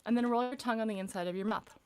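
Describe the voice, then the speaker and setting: A young adult woman vocal coach leading a live-streamed vocal warm-up from a paneled room at home, chatty and encouraging between exercises. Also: on the high side, very fast, smooth, dry recording. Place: room with acoustic paneling, windows closed.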